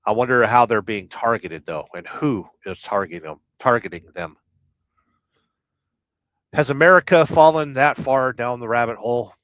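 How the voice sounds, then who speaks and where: A man's voice: mid-range voice, moderate pace, a bit bright, dry recording, lo-fi sound. A man hosting a casual live stream as a truck driver, joking and rambling as he reads viewers' comments aloud from his truck. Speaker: livestream host, truck driver. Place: truck, waiting to unload.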